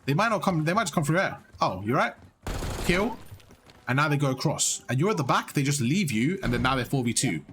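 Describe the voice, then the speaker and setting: A young man giving blunt, animated coaching on gameplay, swearing freely as he explains. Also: on the high side, fairly quick, a little hiss or hum. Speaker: gaming coach. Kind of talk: casual coaching over gameplay.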